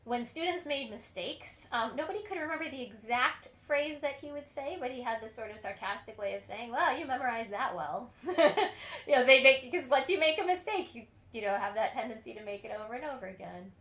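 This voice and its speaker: A woman's voice: fairly high pitch, expressive, brisk, hardly any pauses, a bit bright. Laughing woman cantor in echoey room. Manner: chatty storytelling, laughs often. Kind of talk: online lecture on music history.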